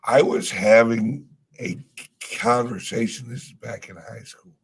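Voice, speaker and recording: A man's voice: medium pitch, fairly even intonation, a little slow, vocal fry, slightly rough. A man in casual chat, rambling through stories, trailing off and swearing casually. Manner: laid-back storytelling. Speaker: podcast co-host.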